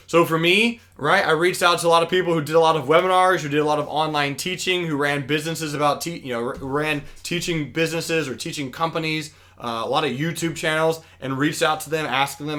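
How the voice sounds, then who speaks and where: A man's voice: fairly high pitch, steady tone, a little fast, sharp tone. A man presenting an online webinar for kids, chatty and enthusiastic, often restarting his sentences. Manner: enthusiastic, chatty, self-correcting. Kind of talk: casual online teaching for kids.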